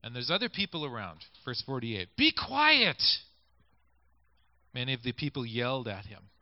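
A man's voice: mid-range voice, expressive, quick pace, no echo. A male preacher giving a sermon in a conversational way, reading scripture and inviting listeners to picture the scenes. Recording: dull lo-fi recording.

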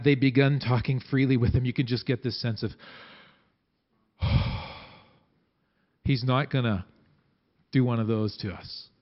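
A pastor preaches conversationally, acting out quotes with wide swings in pitch and volume, captured on dull-sounding audio.

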